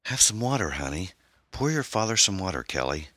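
A man's voice: low-pitched, big pitch swings, brisk, a bit bright, dry recording, clean studio sound, voice pushed up, full character voice. A man voicing a fretful, tender wife. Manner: tender, fussing, soothing. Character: anxious, loving wife at her husband's hospital bed.

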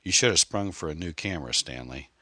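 A man reading a novel aloud, voicing a calm, matter-of-fact male detective. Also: low-pitched, fast, husky, no room sound, heavily acted.

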